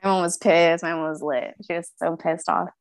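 A woman's voice: lowish voice, fairly even intonation, fairly quick, dry recording. A woman in casual podcast chat, telling family stories with laughter and some swearing.

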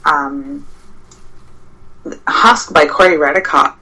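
A woman's voice: medium pitch, big pitch swings, slow pace, creaky, pushed and bright, rough recording. A woman, a horror writer, chatting casually and somewhat hesitantly about her writing. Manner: rambling, hesitant. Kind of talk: casual chat. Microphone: remote call mic with feedback.

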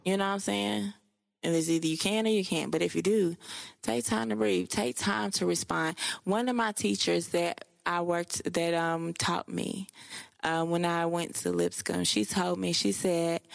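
A young woman hosts her podcast in a loose, chatty way, swearing freely and piling on fillers. Her voice sits low with a heavy gravelly fry, and the recording is close and dry. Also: animated, moderate pace, dry recording. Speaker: podcast host. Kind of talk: casual solo podcast talk.

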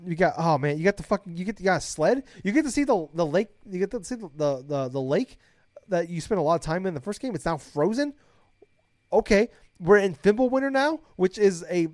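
Excitable, swearing young man on a podcast. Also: sits high, no room sound, clean studio sound. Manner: excitable, profane, rambling, gets loud when hyped. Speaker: podcast host. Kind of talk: casual podcast chat.

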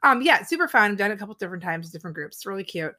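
A woman's voice: medium pitch, rapid-fire. A woman in her thirties co-hosting a podcast, chatting casually and peppering her stories with "like". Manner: chatty, peppered with "like", animated quoting. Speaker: podcast co-host. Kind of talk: casual chat.

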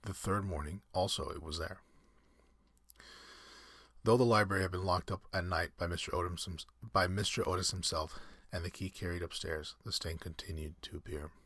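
A man reading a classic story aloud in measured, scripted narration. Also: deep voice, fairly even intonation, sharp tone, slightly rough, no room sound, clean studio sound.

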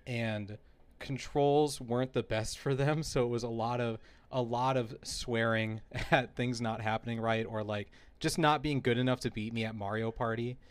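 A man hosting a casual podcast chat, telling stories in an animated way and laughing often. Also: medium pitch, moderate pace, clean tone. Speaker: podcast host.

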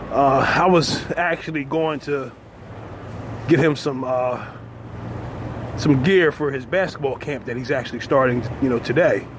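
A man talking casually to his camera while walking through the city, speaking loosely and dropping "man" and "you know" often. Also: medium pitch. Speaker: vlogger. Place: city street outdoors. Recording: noisy outdoor street audio. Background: street traffic.

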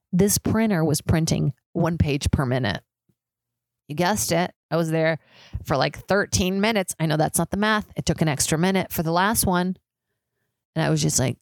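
A young woman with a low, gravelly voice talks through a casual solo podcast. She rambles, swears freely and fills her sentences with "like", and her voice sits close and dry on the mic. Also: normal speed, darkish tone, no echo. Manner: rambling, profane, frequent "like" fillers. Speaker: podcast host. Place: high-rise apartment with street sirens outside.

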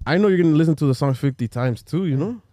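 A man's voice: on the high side, animated, very fast, dark tone, no echo. Teasing, laughing man in dry room. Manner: laughs a lot, teasing, slangy. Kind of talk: casual group chat.

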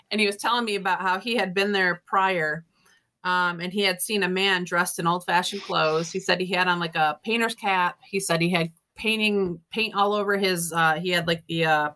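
A woman's voice: on the low side, steady tone, moderate pace, sharp tone. A middle-aged woman, a ghost tour guide, chatting and telling stories in an interview, laughing often and acting out the people she quotes. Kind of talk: casual storytelling interview.

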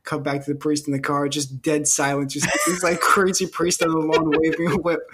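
Man, fairly high voice, faint noise behind, animated casual podcast chat, laughs while telling scenes. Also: brisk. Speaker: podcast co-host.

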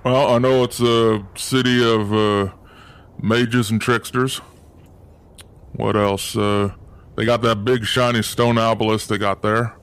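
A man voicing a gruff, folksy male town steward who chews as he talks and rambles on. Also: fairly low pitch, flat delivery, slow pace, a bit bright. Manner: drawling, rambling, chewing sounds. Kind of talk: tabletop role-play character voice.

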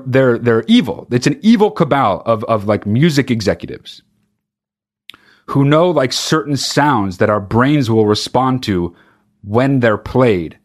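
A man delivering a profane, exasperated comic rant, breaking into mock sung bits. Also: medium pitch. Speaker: comedian. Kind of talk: stand-up style comic rant.

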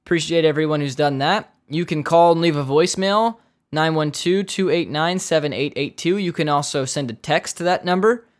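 A man's voice: on the high side, moderate pace. A man hosting a hockey podcast, talking casually with rambling asides, joking tangents and many fillers. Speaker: podcast host.

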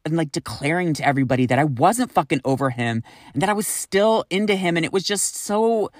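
A young man telling a candid personal story to his viewers, animated and swearing freely. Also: a little high, a little fast, dry recording, studio quality. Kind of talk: storytime vlog.

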